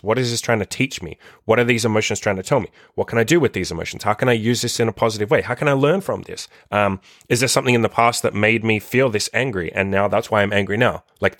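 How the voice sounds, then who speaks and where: A man's voice: lowish voice, a bit bright, dry recording, clean studio sound. A man hosting a solo podcast, talking bluntly and passionately with lots of swearing, tired. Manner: blunt, profane, impassioned. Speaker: podcast host and dating coach.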